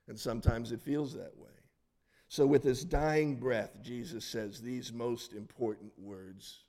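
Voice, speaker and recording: Male pastor, middle-aged, mid-pitched warm voice, earnest sermon delivery that sinks to a hush for emphasis. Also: fairly even intonation, slow. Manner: earnest preaching with dramatic soft drops.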